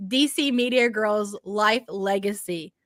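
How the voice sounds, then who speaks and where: A woman talking casually on a livestream, measured and hesitant, with frequent ums. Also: mid-range voice, fairly bright tone, no room sound, studio quality. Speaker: streamer in the clip being reacted to.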